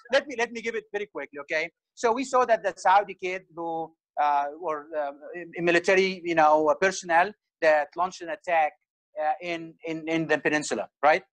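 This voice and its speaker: Animated Arabic-accented man, high voice. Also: a little fast, no echo, rough recording. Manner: animated, laughs often, asks the audience questions. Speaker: speaker at a faith dinner. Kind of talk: informal talk with audience questions.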